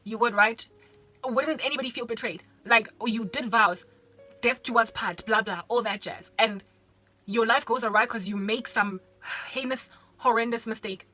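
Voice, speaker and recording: Christian vlogger from South Africa, a woman with a high, bright voice; animated casual preaching over soft music. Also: moderate pace. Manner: animated, addresses the listener directly with rhetorical questions.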